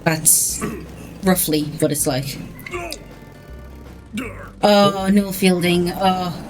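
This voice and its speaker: A woman's voice: lowish voice, drawn-out words, long pauses, music in the background, low-quality recording. A woman streamer from England in casual, enthusiastic chat. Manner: chatty, enthusiastic.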